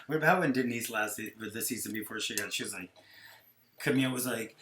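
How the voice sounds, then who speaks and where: A man hosting a podcast, chatting in a rambling, animated, gossipy way. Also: lowish voice, fast talker, roomy sound, a little hiss or hum. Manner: rambling, animated, full of impressions. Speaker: podcast host. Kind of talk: gossipy casual chat.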